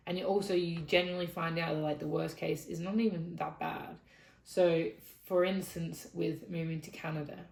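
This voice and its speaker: A woman's voice: low-pitched, gravelly, a little mellow, reverberant, rough recording. A young Australian woman talking to camera in a casual, rambling advice vlog, frank and chatty. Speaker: vlogger.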